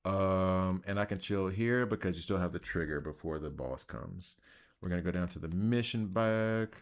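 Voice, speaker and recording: Deep-voiced Southern man narrating gameplay. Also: moderate pace. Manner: rambling, self-deprecating, chatty. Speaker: gaming channel host. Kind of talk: casual gameplay commentary.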